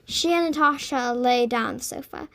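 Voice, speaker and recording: A woman narrating a children's audiobook in an expressive read-aloud manner. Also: fairly high pitch, normal speed.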